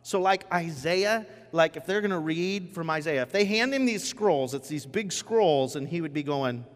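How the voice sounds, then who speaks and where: A man preaching a casual, joking sermon as pastor, telling the story with lively asides. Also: on the high side, normal speed. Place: church sanctuary. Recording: church hall with long reverb.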